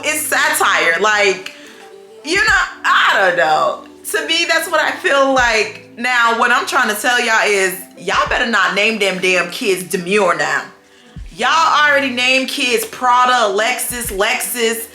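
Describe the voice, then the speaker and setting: Sassy, animated woman vlogging at home. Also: fairly high pitch, measured pace, echoey room, soft background music. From United States. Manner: sassy, animated storytelling with playful asides. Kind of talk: casual chat. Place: home room with a dog.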